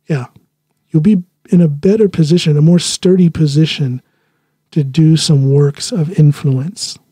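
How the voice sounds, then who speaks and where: A man hosting his own podcast wanders from point to point in easy, chatty talk. His voice sits a little high yet sounds very dark and mellow, with a husky grain. The sound is close and dry. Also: steady tone, unhurried, dry recording. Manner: rambling, chatty, laughs at himself. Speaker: podcast host. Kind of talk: casual solo podcast monologue. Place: living in Norway.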